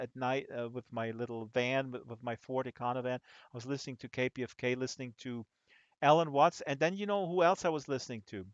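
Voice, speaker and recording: A man hosting a casual chat, telling rambling, animated stories with many restarts. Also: mid-range voice, no room sound. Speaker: host. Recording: dull lo-fi dry audio.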